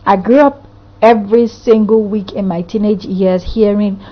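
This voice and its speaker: A husky woman therapist from Africa talks earnestly through a podcast monologue, stacking rhetorical questions one after another. Her pitch sits in the middle, and the audio sounds dull and lo-fi. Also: steady tone, normal speed.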